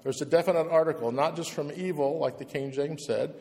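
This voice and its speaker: A man's voice: on the high side, brisk, a little mellow, big-room sound. A man preaching a passionate, emphatic sermon to a room of pastors, hammering points home by repeating words. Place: church, speaking to pastors in the room.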